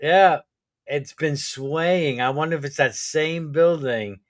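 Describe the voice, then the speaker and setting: A man's voice: a little high, slow pace, no room sound, clean studio sound. A man hosting a live stream, chatting casually and thinking aloud with hesitations. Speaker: stream host. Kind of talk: casual chat.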